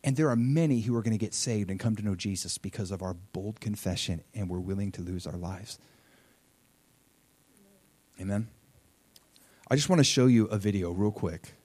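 A man preaching a sermon, telling a story with lively swings between loud, high bursts and quiet, low asides, and acting out the quotes. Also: moderate pace, long pauses, breathy edge, no room sound. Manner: animated storytelling, acting out quotes with big swings in pitch and loudness. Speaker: pastor.

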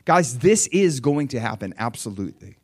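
A man's voice: mid-range voice, very animated, normal speed. Fervent male preacher with dynamic swings. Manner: fervent, swings between hushed asides and loud surges; restarts and stumbles over words. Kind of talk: sermon, recounting a vision.

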